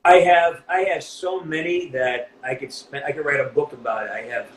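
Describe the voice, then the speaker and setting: The guest here is a voice actor for a game character, telling an emotional story in an informal interview with plenty of swearing and frequent restarts. His voice is on the high side and expressive, moving at a moderate pace, while the echoey room adds faint background noise.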